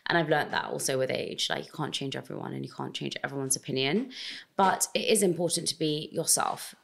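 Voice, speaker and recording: A young woman with a notably low voice, talking in a relaxed interview. She is expressive and animated, speaking with an outspoken directness. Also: fairly quick, creaky. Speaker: podcast host, guest. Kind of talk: casual interview conversation.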